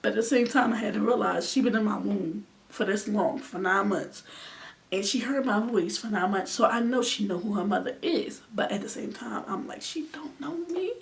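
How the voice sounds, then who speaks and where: A vlogger in her twenties with a gravelly, mid-range voice speaks at a moderate pace. Her storytime is emotional and sincere, now and then sinking almost to a whisper, and the distant mic captures faint background noise.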